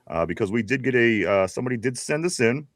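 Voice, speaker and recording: A man's voice: mid-range voice, expressive, quick pace, dry recording, clean studio sound. A man with a Pittsburgh accent co-hosting a casual live sports show, laughing and rambling as he reads out viewer messages. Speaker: podcast co-host. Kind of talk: casual live-stream chat.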